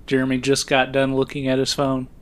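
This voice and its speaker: A man's voice: mid-range voice, completely flat delivery, brisk, smooth. Chuckling man recapping a film. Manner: laughs often, recaps plot with fillers. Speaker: podcast co-host. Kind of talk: casual film-review chat.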